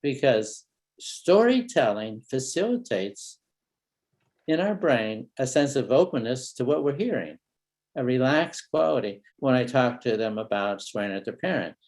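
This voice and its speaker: A man, a family therapist, gives a parenting training talk in a relaxed storytelling manner, acting out short exchanges and pausing to build suspense. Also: mid-range voice. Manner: relaxed storytelling with role-played dialogue.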